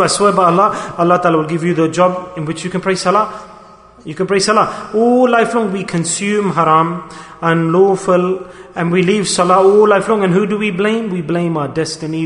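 A man preaching a sermon in an impassioned, pleading way, his voice swinging between loud and soft. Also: high-pitched, steady tone, moderate pace. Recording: echoey hall.

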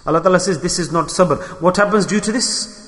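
A man's voice: high-pitched, a little fast, fairly bright tone, in a large hall. A man preaching a sermon to his congregation, asking rhetorical questions and acting out the complaints of others.

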